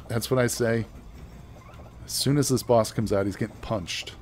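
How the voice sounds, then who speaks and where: A man's voice: medium pitch, fairly even intonation, moderate pace, a little mellow, slight background noise. A man giving casual, chatty gameplay commentary as a let's play host, joking with his viewers as he plays.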